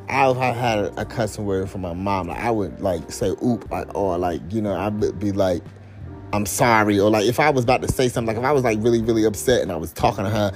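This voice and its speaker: A man's voice: lowish voice, a little mellow. Profane, rambling young-sounding man. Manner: profane, rambling, lots of fillers. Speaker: podcast host. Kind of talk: casual commentary monologue.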